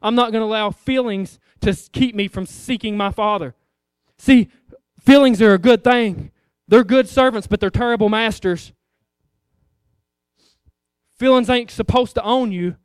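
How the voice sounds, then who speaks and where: Male preacher, sermon, emphatic, repetitive, clear resonant tone, dry close sound. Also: sits high, normal speed, dry recording.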